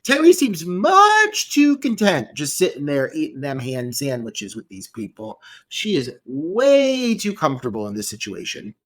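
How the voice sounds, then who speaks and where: A man's voice: fairly high pitch, wildly swooping pitch, unhurried, hardly any pauses, a bit bright. A man co-hosting a podcast, blunt and joking as he reacts to a film, swearing and laughing. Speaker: podcast co-host. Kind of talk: casual movie review chat.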